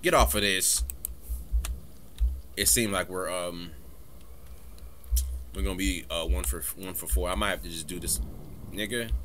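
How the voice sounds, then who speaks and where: A man's voice: sits low, steady tone, unhurried, pauses often, pushed and bright, slight background noise. A man giving casual commentary while playing a horror game, talking back to the game, swearing and joking through the scares. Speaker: gaming streamer.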